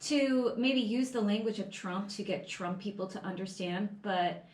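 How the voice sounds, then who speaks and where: A woman's voice: mid-range voice, normal speed, a little mellow. Indignant woman co-host, echoey room. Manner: agreeing, emphatic, indignant. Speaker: podcast co-host. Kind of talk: casual chat.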